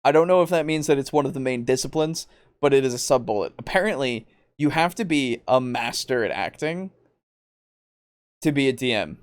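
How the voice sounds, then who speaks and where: An exasperated man rants on a podcast, swearing freely and laughing as he argues. His pitch swings widely and animatedly. The sound is dry and close. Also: animated, fairly quick, no room sound. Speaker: podcast host. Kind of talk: ranting podcast discussion.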